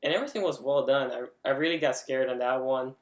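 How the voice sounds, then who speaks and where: A man's voice: mid-range voice, brisk. Chatty man in an echoey room. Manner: chatty, with frequent "like" fillers and restarts. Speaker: vlogger reviewing an event. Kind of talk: casual spoken review. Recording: roomy echo.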